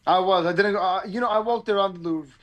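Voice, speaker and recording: Man, co-host, casual chat, high voice, laid-back, rambling, video call from a bedroom. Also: quick pace, a bit bright. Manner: laid-back and rambling, with filler-heavy restarts. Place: a bedroom abroad.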